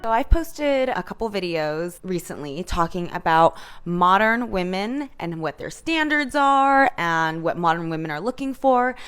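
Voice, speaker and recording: Smooth-voiced woman reading notes. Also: fairly low pitch, measured pace, few pauses, faint music behind. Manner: reading notes, even and explanatory. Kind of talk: vlog commentary.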